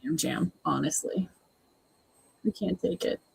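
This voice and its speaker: Watch-party host, husky mid-range voice, dry exasperated sarcasm. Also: medium pitch, unhurried, darkish tone, low-quality recording. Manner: exasperated, sarcastic, mimics the cast. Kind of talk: casual live watch-along commentary.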